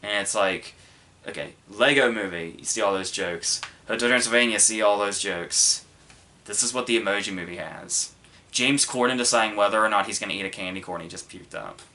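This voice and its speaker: A man's voice: fairly low pitch, a little fast, sharp tone. A man hosting a movie review podcast, talking casually and rambling, with many ums, restarts and curse words.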